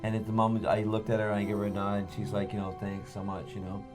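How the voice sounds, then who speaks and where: A man telling an animated anecdote about meeting a fan, acting out the voices in the story. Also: on the low side, very fast, over loud music. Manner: acts out voices in his story. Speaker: actor telling a convention story.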